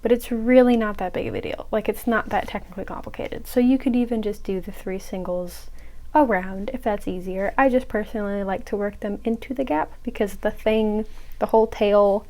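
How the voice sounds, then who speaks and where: This crochet tutorial host is a young woman speaking a little fast at medium pitch, with fairly even intonation and a dark tone, all through poor audio. She casually explains a pattern step by step, chatting away with self-mocking asides and whispering when she mutters to herself.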